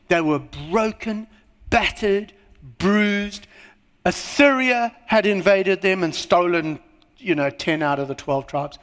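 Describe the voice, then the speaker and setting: A man preaching in a church hall, his voice sitting high and swinging widely in pitch. He pushes hard on key words, then sinks to a near hush. A long reverb trails after each phrase. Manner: lively preaching with sudden drops to a hush. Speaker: pastor. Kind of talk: sermon.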